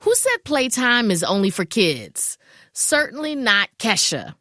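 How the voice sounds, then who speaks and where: A woman's voice: on the high side, very animated, measured pace, bright, forceful tone, dry recording, clean studio sound, soft background music. A woman hosting a radio program, speaking in an upbeat, encouraging way. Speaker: radio host.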